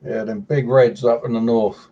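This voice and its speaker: A man spins tall tales in a casual chat, delivering dry jokes. His voice is mellow and warm. The recording sounds muffled. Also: mid-range voice, fairly even intonation, normal speed, far from the mic. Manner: dry joke-telling storyteller.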